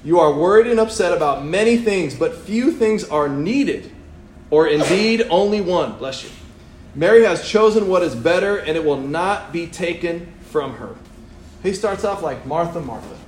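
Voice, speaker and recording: Young guy preaching, kinda high voice, playful and animated, echoey church hall with faint room noise. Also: normal speed. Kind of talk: sermon.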